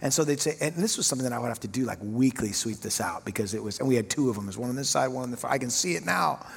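A middle-aged man preaching a sermon, telling self-mocking stories in an animated way. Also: mid-range voice, very fast, vocal fry, background noise. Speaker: pastor. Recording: long hall reverb.

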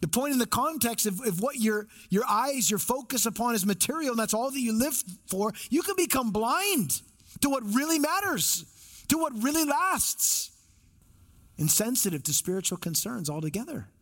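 A man with a high voice delivers a sermon as a pastor. He preaches with emphasis, repeating phrases and asking rhetorical questions. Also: sing-song, moderate pace, a bit bright.

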